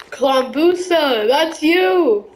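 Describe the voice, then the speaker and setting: A woman giving live gameplay commentary, excitable and slangy, often yelling reactions. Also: high voice, noisy background. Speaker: gaming video creator.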